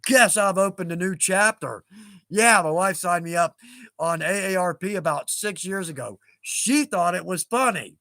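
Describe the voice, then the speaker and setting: A man's voice: high-pitched, normal speed, pushed and bright, dry recording, studio quality. A man in his fifties hosting a casual livestream, chatting in a rambling, self-mocking way and chuckling at himself. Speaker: livestream host.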